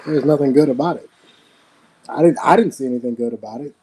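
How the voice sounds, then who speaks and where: A man's voice: mid-range voice, fast talker, dark tone, breathy edge, poor audio. A man in his forties giving blunt, emphatic opinions as a panelist in a casual podcast debate.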